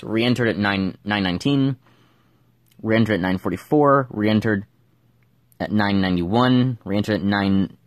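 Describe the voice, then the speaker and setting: Low-voiced man musing over a game. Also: no room sound, clean studio sound. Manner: mumbling, thinking aloud with fillers. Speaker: gameplay streamer. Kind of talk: casual gameplay commentary.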